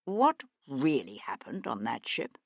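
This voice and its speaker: A woman narrator voicing a sharp male nobleman detective who questions in a cool, needling way. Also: extremely low pitch, sing-song, unhurried, vocal fry, breathy edge, no echo, muffled recording, voice pushed down, exaggerated voice. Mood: probing.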